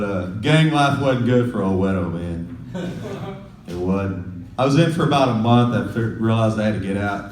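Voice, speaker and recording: A man's voice: fairly low pitch, a little mellow, a little hiss or hum. A man from West Texas with a West Texas accent doing a loose, chatty stand-up set on a comedy club stage. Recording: roomy, distant mic in a club.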